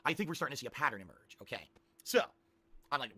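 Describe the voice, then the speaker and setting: Fast, bright-voiced male streamer rambling. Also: medium pitch, no echo. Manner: animated, restarts and repeats himself. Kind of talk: rambling storytelling to stream viewers.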